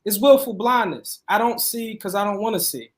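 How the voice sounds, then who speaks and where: Guy commentator, kinda high voice, calm, repeats his points. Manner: measured, repeats points for emphasis. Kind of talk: casual discussion.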